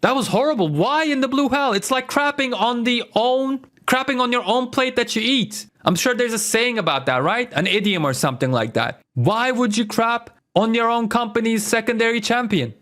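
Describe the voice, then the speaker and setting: High-voiced man ranting excitedly. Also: normal speed, hardly any pauses. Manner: animated, exasperated, lots of fillers. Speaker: wrestling commentary YouTuber. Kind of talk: casual opinion rant.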